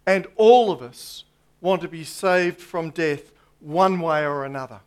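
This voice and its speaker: A man preaching a sermon in a slow, emphatic way, pausing for effect and dropping his voice low on key points. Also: clear, resonant tone. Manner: slow, emphatic preaching with dramatic pauses and drops to a hush.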